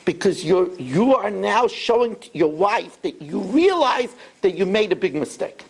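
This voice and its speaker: Animated gravelly rabbi. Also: male voice, sits high, a little slow. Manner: animated storytelling, acts out quotes. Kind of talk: sermon.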